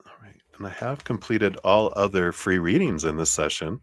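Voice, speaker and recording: A man from Colorado with a slight Southern drawl, reading tarot cards on a live stream in a chatty, rambling way with soft laughs and muttered asides. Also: sits low, animated, normal speed, background noise. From Colorado, USA. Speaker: tarot reader.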